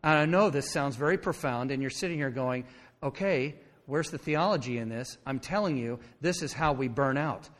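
A man's voice: mid-range voice, moderate pace. A male pastor giving a conversational sermon, often checking in with "okay?". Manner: conversational preaching, frequent "okay?" check-ins. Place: church sanctuary. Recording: long hall reverb.

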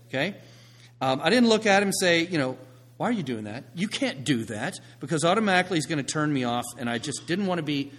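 A man preaching a sermon, swinging from hushed, quiet passages to loud, emphatic ones. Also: medium pitch, breathy edge. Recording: long reverb of a large hall.

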